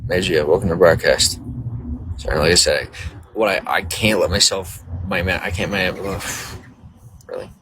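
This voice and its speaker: Deep-voiced man chatting on a live stream. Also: steady tone, normal speed, noisy background. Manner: loose, boastful and flirty, reading out viewer names. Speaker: livestreamer greeting viewers. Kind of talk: casual live-stream chat.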